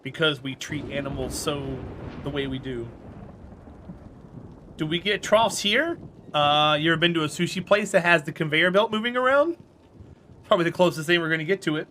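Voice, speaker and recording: A man's voice: fairly high pitch, moderate pace, long pauses, bright, forceful tone, slight background noise. A man chatting casually on a live stream while playing a game, rambling and answering chat.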